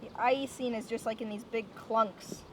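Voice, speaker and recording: Young woman talking to her vlog camera, rambly and chatty, a bit high and bright, faint hiss behind. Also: steady tone, moderate pace. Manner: chatty, rambling with many repeated words and "like". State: out of breath. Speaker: vlogger. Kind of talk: casual daily vlog.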